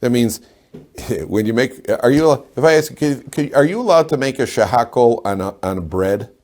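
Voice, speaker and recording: A man in the middle of a Torah class, his voice sitting at an ordinary middle pitch. He talks to a room of live students, keeps firing rhetorical questions at them and slips in jokes between points. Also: expressive, moderate pace, darkish tone. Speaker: rabbi teaching a class.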